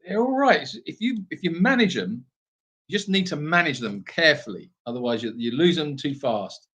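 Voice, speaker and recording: A man's voice: fairly high pitch, expressive, normal speed, fairly bright tone, slightly rough. A man co-hosting a live stream from an animal sanctuary, telling rambling stories in a casual chat. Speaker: sanctuary co-host.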